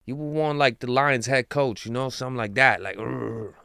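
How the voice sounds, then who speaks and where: A man talks through his team's chances in a casual, rambling, slangy way that swings between excitement and hushed asides. His voice is smooth and resonant. The recording is close and dry, with almost no room sound. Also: mid-range voice, fairly quick, dry recording. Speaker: sports commentator. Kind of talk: casual fan commentary.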